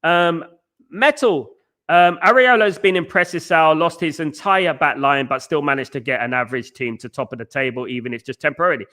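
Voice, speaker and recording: Bright-toned chatty football fan. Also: male voice, fairly high pitch, a little fast. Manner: rambling, restarts often, frequent "mate" and "you know what I mean". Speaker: podcast host reading live chat. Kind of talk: casual fan chat.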